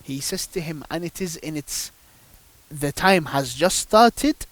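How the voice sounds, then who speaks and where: A man's voice: on the high side, expressive, moderate pace, dry recording. A man speaking as a guest on a religious panel, telling devotional stories emphatically with rhetorical questions. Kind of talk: religious discussion, storytelling.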